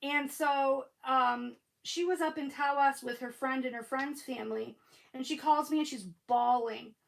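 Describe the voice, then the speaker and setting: Middle-aged woman, high-pitched, chatty livestream host who rambles and curses casually. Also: fairly even intonation, unhurried, creaky.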